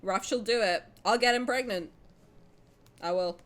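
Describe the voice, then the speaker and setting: A young woman live-streaming a game and chatting with viewers, excitable and dramatic, swearing and laughing between outbursts. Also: mid-range voice, measured pace.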